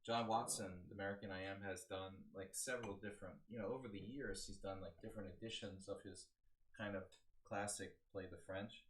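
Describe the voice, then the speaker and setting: Rambling low-voiced male chess coach. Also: fairly even intonation, brisk. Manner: casual, rambling, thinking aloud with many fillers. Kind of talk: live-stream game analysis.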